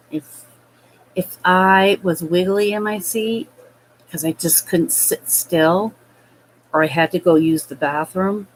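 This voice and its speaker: A woman telling a personal childhood story in a hesitant, halting way, full of fillers. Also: on the low side, rough recording. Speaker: vlogger.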